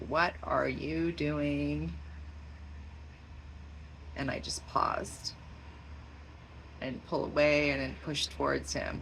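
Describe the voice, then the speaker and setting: Slow, rambling bright-voiced woman vlogger. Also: very deep voice, gravelly, a little hiss or hum, poor audio. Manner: rambling, tangent-prone, laughs often. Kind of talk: stream-of-consciousness vlog.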